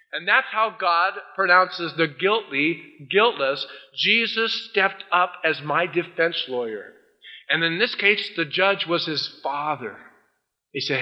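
A man preaching a sermon as a pastor, telling a story with energy and acting out the voices of a judge and a defendant. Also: fairly high pitch. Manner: animated storytelling, acting out both sides of a courtroom scene. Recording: dull lo-fi sound.

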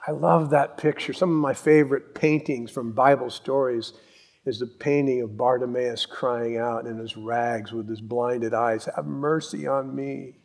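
A man preaching a sermon, telling Bible stories with animated acted-out voices. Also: medium pitch, a little slow. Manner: animated storytelling, acts out voices and yells. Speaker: pastor.

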